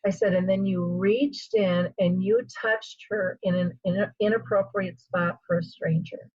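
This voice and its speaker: Lively woman host telling a story. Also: medium pitch, measured pace, husky, no room sound. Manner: animated storyteller, acts out quoted voices. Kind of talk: casual interview chat. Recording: dull lo-fi sound.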